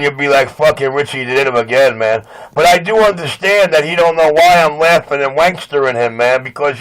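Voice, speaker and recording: A man's voice: a little high, fairly bright tone, poor audio. A man bragging and mocking his rival on a CB radio channel. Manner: boastful and mocking. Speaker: CB radio operator. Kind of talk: trash-talking radio banter.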